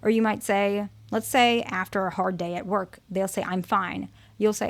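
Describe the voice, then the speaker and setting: A woman therapist speaks to her viewers with a gravelly, fry-edged voice at an average pitch. She explains earnestly, repeats words for emphasis and walks through everyday examples. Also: steady tone, normal speed, hardly any pauses. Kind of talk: advice talk to camera.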